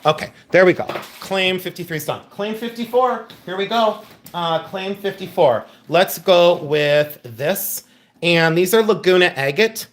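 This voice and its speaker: A man's voice: high-pitched, measured pace. A man hosting a live online jewelry sale, chatty and playful, often laughing and greeting viewers by name. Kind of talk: live online sales stream.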